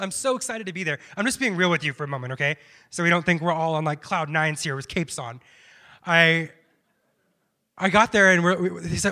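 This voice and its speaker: A man's voice: sits high, fast talker, sharp tone. A young man giving a personal testimony as a missionary, telling his story with quoted self-talk and many restarts. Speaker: missionary speaker.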